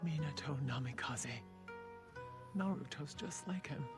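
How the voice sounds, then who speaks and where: A woman's voice: deep voice, unhurried, faint music behind. An actress voicing a proud adult female ninja leader in an anime dub, speaking in a firm, matter-of-fact way. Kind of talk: anime English dub acting.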